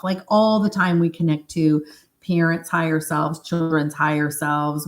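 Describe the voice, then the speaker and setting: Low-voiced woman telling a story on a live stream. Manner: animated retelling, acts out quoted speech in a higher voice; chatty and informal, with fillers and asides. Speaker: hypnosis practitioner. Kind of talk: live-stream storytelling and reading viewer comments.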